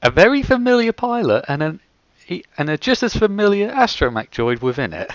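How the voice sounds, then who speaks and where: A man chats casually with a friend, wry and quick to add dramatic detail. His pitch moves a lot, and the recording is dull and dry, with no room sound. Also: big pitch swings, dry recording.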